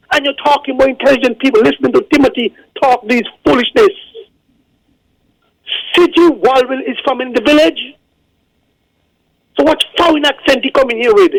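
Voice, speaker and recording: A man's voice: very high voice, vocal fry, a bit bright, dry recording. A man with a Kittitian accent calling in to a radio show, insistently repeating his indignant points. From Saint Kitts and Nevis. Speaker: caller. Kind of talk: call-in radio rant. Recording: dry phone line.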